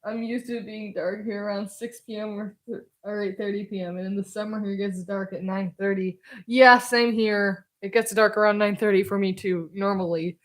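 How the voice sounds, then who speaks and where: A woman's voice: medium pitch, steady tone, moderate pace. A woman live-streaming while drawing, chatting casually in a self-deprecating way and laughing often.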